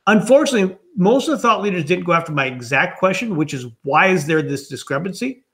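High-voiced man musing aloud. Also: expressive, fast talker, pushed and bright. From Minnesota, USA. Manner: thoughtful, rambling, musing aloud. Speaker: guest, customer experience author. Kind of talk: conversational interview answers.

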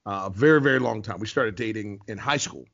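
A man's voice: fairly low pitch, fast, a bit bright, dry recording, muffled recording. A man in his forties from the United States, a team TV host and courtside reporter, chatting as a podcast guest, laughing often and restarting his sentences. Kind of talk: casual podcast interview.

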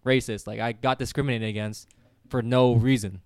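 A man's voice: medium pitch, moderate pace, dry recording. A young adult man on a casual chat, telling stories animatedly, swearing and acting out quotes. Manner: animated, profane, acts out quotes. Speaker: podcast guest. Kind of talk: casual storytelling.

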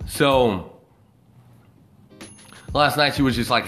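A man's voice: medium pitch, animated, extremely slow, long pauses, fairly bright tone, soft background music. Profane, rambling man on a live video. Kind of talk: rambling casual storytelling.

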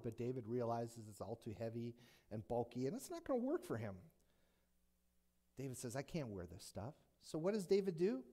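A male pastor preaching a sermon, retelling a Bible story with jokes and many rhetorical questions. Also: medium pitch. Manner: animated, joking, rhetorical questions.

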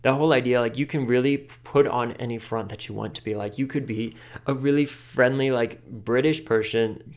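A man hosting a podcast, giving casual advice in a chatty way, full of "like" and quick laughs. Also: mid-range voice, steady tone. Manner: chatty, filler-heavy with frequent "like", laughs often. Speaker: podcast host.

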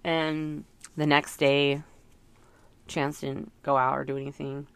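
A woman's voice: sits low, little pitch movement, takes it slowly, vocal fry, clean tone, dry recording. A middle-aged woman talking through her thoughts in a casual, rambling, reflective monologue, full of fillers. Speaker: parent sharing reflections.

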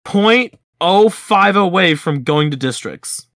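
A man's voice: high voice, slow pace, no room sound, studio quality. A young man in his twenties, co-hosting a podcast, telling a school story in a casual chat and acting out the dialogue. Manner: animated storyteller, acts out quoted dialogue. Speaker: podcast co-host.

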